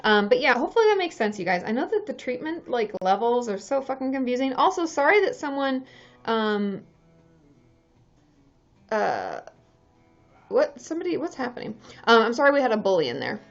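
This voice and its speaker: With soft music in the background, a woman therapist chats on a livestream in a high-ish, sing-song voice at normal speed. She talks candidly, swears freely and laughs a lot, all in dull lo-fi stream sound.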